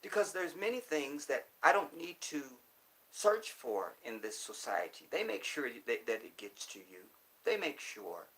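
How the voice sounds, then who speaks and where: A man's voice: on the high side, sing-song, moderate pace, fairly bright tone, poor audio. A man speaking casually and emphatically to his viewers, repeating his points for stress. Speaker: commentator. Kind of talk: casual monologue.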